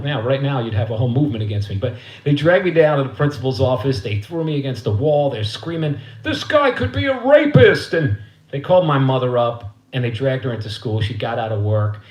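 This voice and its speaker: This medium-pitched, darkish voice belongs to a middle-aged Queens, New York native, a musician and host. He's telling a loose, profane tale from his living room during a livestream break between songs, laughing casually and impersonating the people in the story, in an echoey room with a guitar.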